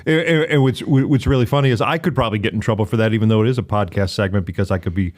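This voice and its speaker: A middle-aged man hosting a talk show, chatting casually and often stumbling into restarts. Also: fairly low pitch. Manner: halting, stammering restarts. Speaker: host.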